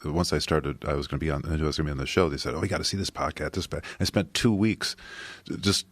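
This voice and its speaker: A man, a filmmaker guest on a podcast, speaking softly and haltingly with many restarts. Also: a bass voice, fairly even intonation, no room sound. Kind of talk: casual interview chat.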